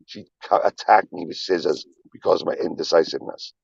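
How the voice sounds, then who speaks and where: On a livestream, a man with a low, gravelly, husky voice talks a little fast, rambling emphatically in a confessional way. He swears often and repeats himself, and the lo-fi stream audio is dull, with no room sound.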